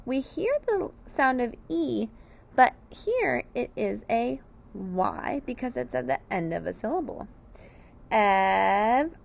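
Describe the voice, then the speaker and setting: Slow, lively woman teaching phonics. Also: on the high side. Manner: clear, deliberate sounding out of each letter.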